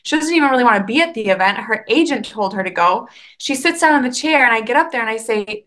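A woman hosting a faith podcast, talking in an animated, earnest and chatty way with quick restarts. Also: high voice. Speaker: podcast host. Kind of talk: casual faith podcast monologue.

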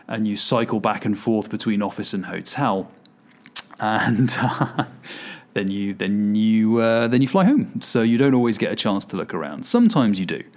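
A man hosting his podcast solo, chatting casually and poking fun at himself with plenty of fillers. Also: lowish voice. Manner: chatty and self-deprecating, with fillers. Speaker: podcast host.

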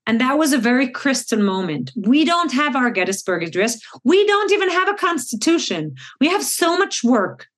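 A woman from Israel, a podcast guest talking in a thoughtful, earnest way. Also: fairly high pitch. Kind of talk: reflective interview talk.

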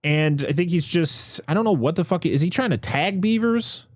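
A man's voice: on the high side, normal speed, dry recording, studio quality. A man hosting a casual podcast, recapping a movie plot with sarcastic, swearing asides. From US, lives where beavers are common. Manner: animated, sarcastic, swears, laughs often. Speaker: podcast host reviewing a movie.

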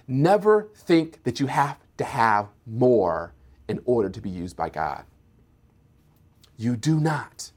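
Male preacher, sermon, plays both sides of Bible dialogue, builds up in pitch. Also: big pitch swings. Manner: acts out Moses and God in quick dialogue; rising to a higher, louder pitch as he builds.

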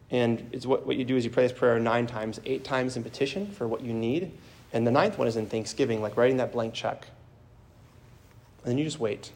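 A man's voice: medium pitch, fast talker, a little mellow. A man preaching a homily as a priest, telling a story in an earnest, plain way.

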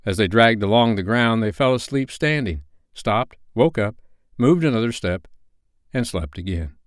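A man reading a classic novel aloud as a bedtime story in an expressive, animated way. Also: mid-range voice, normal speed, dry recording, clean studio sound.

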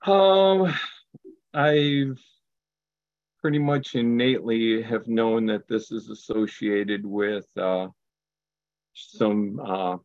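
A low-voiced man speaking very slowly and politely. The sound is dry and dull, with no room around it. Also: darkish tone, dry recording. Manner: slow, formal and polite. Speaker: caller. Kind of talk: live call-in participant.

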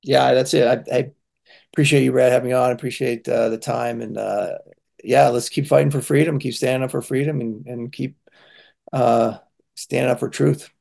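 A male guest on a podcast, talking earnestly and haltingly with frequent restarts. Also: mid-range voice, steady tone, vocal fry, darkish tone. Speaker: guest, organization founder. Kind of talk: interview conversation.

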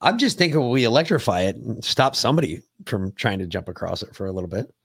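A man's voice: fairly low pitch, very animated, fast talker, gravelly, fairly bright tone, breathy edge, dry recording, clean studio sound. Swearing, rambling male podcast host. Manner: profane, rambling storyteller. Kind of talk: casual chat.

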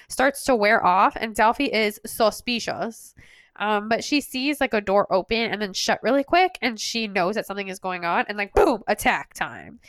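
Chatty young woman, voice going hoarse. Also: fairly high pitch, fairly bright tone, no echo. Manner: chatty, sarcastic, lots of fillers. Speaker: podcast co-host. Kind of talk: casual chat recapping a story.

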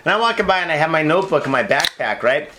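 A man co-hosting a podcast, laid-back and swearing, telling animated stories in casual banter. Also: fairly high pitch, fast talker. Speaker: podcast co-host.

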